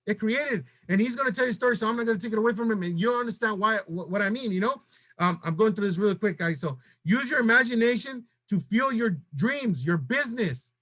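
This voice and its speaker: A middle-aged man leading a sales team, giving an urgent motivational pep talk full of rapid rhetorical questions. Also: very high voice, bright, forceful tone.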